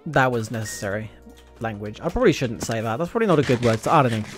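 A British man streaming a game live, rambling along in a middle-pitched voice with a sarcastic edge. He breaks into sudden excited outbursts now and then, with faint music and keyboard clicks in the background. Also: fast. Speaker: gaming streamer. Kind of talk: casual live gameplay commentary.

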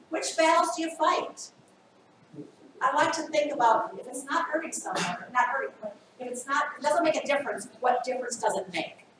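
A woman in her fifties leads a staff training workshop, animated and acting out little scenes as she explains. Her voice sits a touch high. She is picked up from across a very echoey room. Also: far from the mic, background noise. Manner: animated, acts out scenarios. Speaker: workshop presenter.

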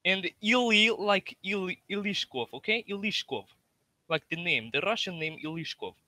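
High bright-voiced male prank caller. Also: animated, normal speed. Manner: hesitant, mock-foreign caller voice. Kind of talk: prank phone call.

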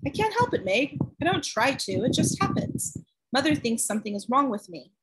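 A woman reading aloud, voicing a small, frail boy who talks quietly and earnestly and is short of breath. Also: sits high, big pitch swings, moderate pace, noisy background, pitched above the performer's own voice. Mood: breathless.

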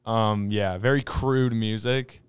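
A young man co-hosting a podcast in casual, rambling chat, acting out quotes in a high voice. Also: steady tone, slow pace, a little hiss or hum. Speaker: podcast co-host.

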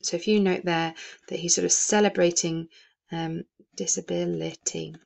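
A woman's voice: lowish voice, steady tone, normal speed, creaky, a little mellow. A woman teacher explaining a novel in a recorded lesson, with many "um" fillers. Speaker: English teacher.

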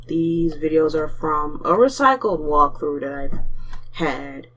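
A woman hosting a gaming channel who talks straight to her viewers in expressive let's play reaction commentary. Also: sits low.

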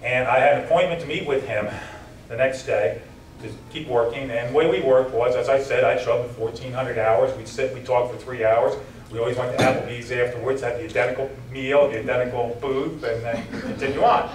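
A man's voice: mid-range voice, fairly even intonation, fairly quick, a little hiss or hum. A man giving an emotional keynote speech at a banquet, telling personal stories with a voice that drops and catches at tender moments. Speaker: keynote speaker. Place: banquet hall. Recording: roomy hall recording from a distance.

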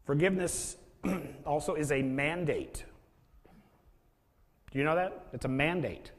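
A man's voice: on the high side, measured pace. A male pastor giving a conversational sermon and often asking the listeners rhetorical questions. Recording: long hall reverb.

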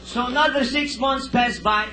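A man telling stand-up jokes in broken immigrant English, in an animated storytelling manner before a live audience. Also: very high voice, moderate pace, slight background noise. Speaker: stand-up comedian. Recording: echoey live room recording. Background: audience laughter.

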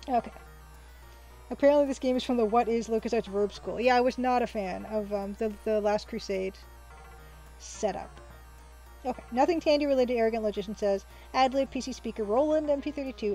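Mellow-voiced woman chatting through gameplay. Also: fairly high pitch, rough recording. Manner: chatty, reads game text aloud, laughs often. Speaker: let's play host. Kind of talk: casual gameplay commentary.

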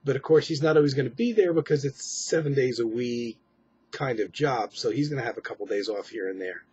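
A man's voice: mid-range voice, fairly quick, darkish tone, husky, muffled recording. An exhausted man giving a rambling late-night personal update at home, with many fillers and restarts. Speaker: vlogger.

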